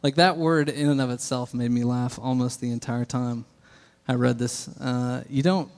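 Male pastor, mid-pitched, easygoing and good-humored, sermon in a reverberant hall. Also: steady tone, normal speed, darkish tone. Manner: casual, good-humored teaching. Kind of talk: sermon with scripture reading.

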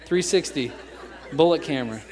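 A young American man preaching a sermon in a casual, joking way, slipping into quick impressions of other people. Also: a little high, lively intonation, darkish tone, some chatter behind. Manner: conversational and joking, acts out quoted voices. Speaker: pastor.

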